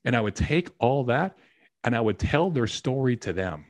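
A man's voice: medium pitch, sing-song, normal speed. A man in his thirties, a guest insurance agent, talking casually and with some swearing as he explains his sales method step by step. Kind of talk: casual podcast conversation.

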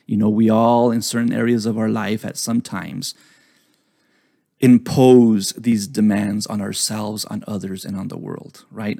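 A man hosting a psychology podcast, explaining ideas slowly and often checking in with "right?". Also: lowish voice, level tone, creaky, mellow, no room sound, studio quality. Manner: explains slowly, repeats key phrases, tags lines with "right?". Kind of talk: relaxed teaching talk.

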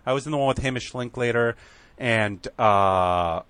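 A man telling a story on a podcast, acting out the quotes with lively shifts and growing emotional at moments. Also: medium pitch, normal speed, clean tone, no echo. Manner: animated, acts out quotes, emotional at times. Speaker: guest.

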